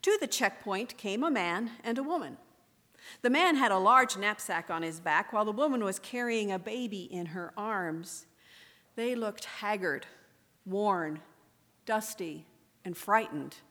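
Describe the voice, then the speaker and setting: A woman speaking at a worship service, reading a story aloud in a measured, deliberate way. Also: medium pitch, fairly bright tone. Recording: echoey room with long reverb.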